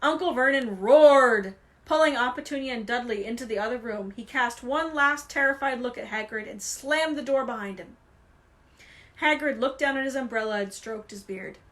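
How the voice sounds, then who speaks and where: Woman, high voice, reading a novel aloud, expressive, animated. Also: normal speed. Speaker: reader.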